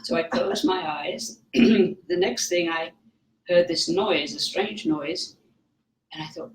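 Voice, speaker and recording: An older woman with a Welsh accent, a psychic guest telling anecdotes in an interview, lively and acting out other people's lines. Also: lowish voice, takes it slowly. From Wales. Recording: roomy, distant mic, faint noise.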